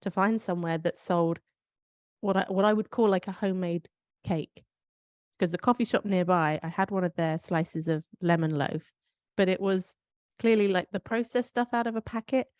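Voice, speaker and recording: This British podcast co-host chats casually, storytelling in a reflective way and pausing to question her own accounts. Her voice is lowish, a little mellow, and smooth at normal speed, captured in studio quality with no echo. She is from the United Kingdom.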